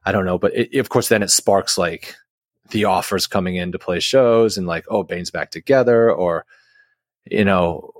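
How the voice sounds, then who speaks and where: A man's voice: deep voice, fairly even intonation, normal speed, dry recording, studio quality. A man who is a guest musician, telling a long story in a casual interview, rambling with many restarts and fillers.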